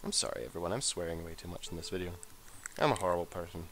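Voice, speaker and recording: A man giving casual, sweary gameplay commentary as a let's play host, excitable and muttering to himself as he plays. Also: low voice, very fast, a little hiss or hum.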